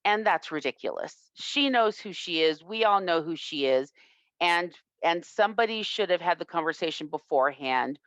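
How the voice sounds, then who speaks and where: A woman self-defense instructor telling a personal story in an interview, reflective and earnest with halting restarts. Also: lowish voice, animated, a bit bright, dry recording. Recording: dull lo-fi, dry sound.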